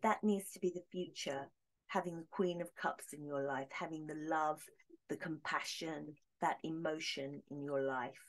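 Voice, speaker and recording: A woman giving a casual tarot reading to camera, talking in a hesitant, rambling way with many pauses. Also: low-pitched. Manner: hesitant, rambling, with frequent fillers. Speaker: tarot reader.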